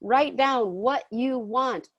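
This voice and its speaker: A woman's voice: on the high side, slow, dry recording, lo-fi sound. A woman teaching a class in a casual, chatty way, often checking in with her listeners. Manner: chatty, often checks in with "okay?" and "all right?".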